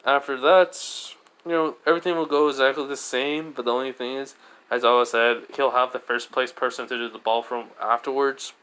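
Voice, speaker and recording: A man's voice: medium pitch, steady tone, fairly quick, fairly bright tone, smooth, poor audio. A man casually retelling a fan story, rambling with lots of fillers.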